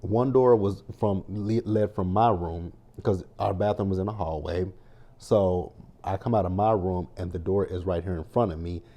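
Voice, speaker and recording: A man's voice: deep voice, fairly even intonation, normal speed, mellow. A man hosting a casual TV recap video, chatty and rambling, often turning to his viewers to address them directly. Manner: chatty, repeats "you guys" a lot; tells personal stories with many restarts. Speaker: TV recap host. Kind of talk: casual review vlog.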